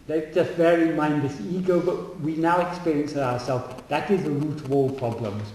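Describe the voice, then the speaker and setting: A man speaking on spiritual teachings and answering audience questions, often pausing and repeating words as he thinks. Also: a little high, dark tone, slight background noise. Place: meeting room. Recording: echoey hall, far from the mic.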